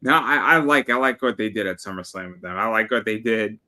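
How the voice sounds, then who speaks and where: A man's voice: lowish voice, a little fast, bright, forceful tone. A man co-hosting a casual chat, laying out his reasoning in an easygoing, analytical way. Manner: analytical, laid-back, agreeable. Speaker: podcast co-host.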